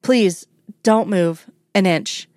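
A woman voicing a male agent, a lover who keeps control, in a low, restrained murmur within a read-aloud romance story. Her voice stays close to her own. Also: measured pace, dry recording, lightly acted. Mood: intimate. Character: man, FBI agent lover, teasing and in control.

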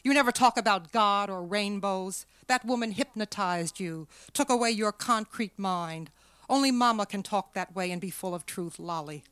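A woman's voice: mid-range voice, moderate pace, a bit bright, clean tone, no echo, natural voice. A woman reading aloud, voicing a frightened young woman who speaks tensely, close to tears. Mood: accusing. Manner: tense, pleading, near tears.

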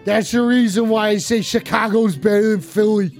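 A man's voice: high voice, fairly even intonation, moderate pace, a little mellow, soft background music. A man hosting a casual call-in stream, rambling and joking with lots of swearing. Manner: profane, rambling, jokey. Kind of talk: casual crude call-in show.

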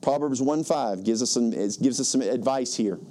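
A man's voice: medium pitch, moderate pace, dark tone, slight background noise. A pastor in his fifties preaching a sermon, emphatic and repetitive, often asking "guess what?" and quoting scripture. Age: 50s.

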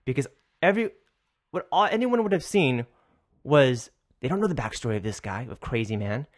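A young man hosting a podcast, telling a story in a loose, animated way and swearing a lot. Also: mid-range voice, a little fast. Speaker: podcast host. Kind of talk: casual storytelling.

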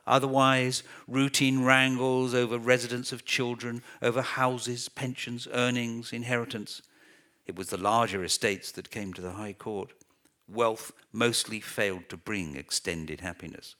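A man narrating a literary novel as an audiobook in a measured, deliberate reading. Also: medium pitch, steady tone, bright, forceful tone.

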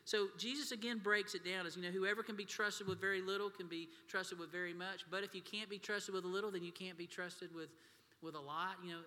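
A man's voice: sits high, steady tone, fairly quick, sharp tone. A man preaching a sermon as pastor, telling folksy stories and talking to the congregation as y'all. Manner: folksy storytelling, addresses crowd as y'all. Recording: long hall reverb.

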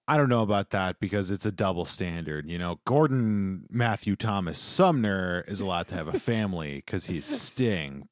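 A man's voice: low-pitched, no echo. A man co-hosting a casual movie review podcast, wry and jokey. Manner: wry, jokey, slips into silly accents. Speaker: podcast co-host.

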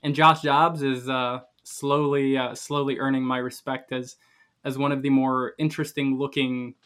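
A man's voice: medium pitch, little pitch movement, moderate pace, fairly bright tone, clear, resonant tone. A man co-hosting a casual sports podcast, wry and trash-talking about teams. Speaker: podcast co-host.

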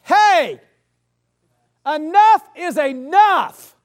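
A man's voice: very high-pitched, very animated, fast talker, voice pushed up. A man preaching, voicing a bold young man who is fed up and scolds his elders. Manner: emphatic, scolding.

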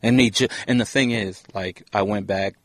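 A middle-aged man from Brooklyn, an animated storyteller who swears freely while chatting as a podcast guest. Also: on the low side, normal speed, dry recording. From Brooklyn, New York. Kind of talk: casual podcast chat.

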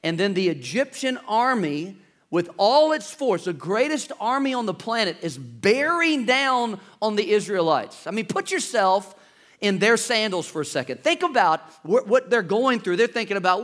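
Man, pastor, sermon, high-pitched voice, dramatic swings. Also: sing-song, normal speed, a bit bright. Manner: preaching with dramatic shifts, acting out panicked voices.

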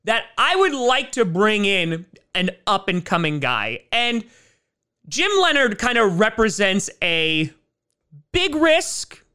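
A man's voice: high-pitched, big pitch swings, slow, bright, forceful tone, clean tone. A man hosting casual fan commentary on football, chatty and opinionated. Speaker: sports commentary host.

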